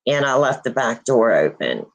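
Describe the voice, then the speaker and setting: On her paranormal channel's casual livestream, a grieving woman host is near tears, speaking haltingly with many pauses and restarts. There is also a sing-song bass voice, and the audio is dull.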